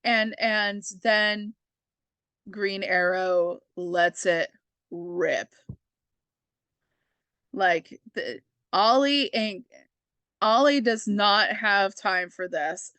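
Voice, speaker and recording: Slow, rambling woman reading comics aloud. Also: mid-range voice, fairly bright tone, smooth, no echo. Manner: chatty and rambling, full of fillers and asides; jokey, amused by her own jokes. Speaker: comic book reader and channel host. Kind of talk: casual comic book reading commentary.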